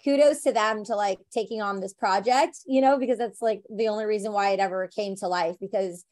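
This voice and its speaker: A woman actor in an interview, chatting casually and telling lively stories full of "like" and "you know". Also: medium pitch, fairly quick. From United States. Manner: animated storyteller, many fillers like "like" and "you know".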